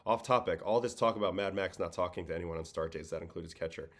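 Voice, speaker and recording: Man host with a faint New York-Boston accent, deep voice, relaxed and a bit worn out, casual livestream talk. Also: quick pace. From Brooklyn, New York. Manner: relaxed, conversational, reads chat questions aloud. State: tired. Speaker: livestream host, former pitcher. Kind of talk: casual livestream chat answering viewers.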